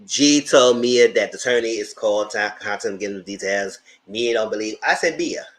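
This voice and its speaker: A man's voice: lowish voice, steady tone, a little fast. A man giving casual live commentary on a reality TV show, sassy and talking back at the screen. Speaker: TV show reviewer.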